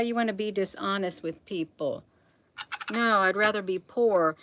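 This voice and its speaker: In a low-quality recording with no echo, a middle-aged woman speaks at medium pitch with a slightly bright tone. She's hosting a relaxed livestream, reading out proverbs and calling her viewers honey in a folksy chat.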